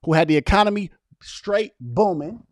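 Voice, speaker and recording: A young man hosts a casual political livestream, talking straight to his viewers and firing back at their chat comments. His voice sits a little high and his delivery is animated and argumentative. The sound is dry, with little room echo. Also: normal speed. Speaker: political vlogger reading live chat.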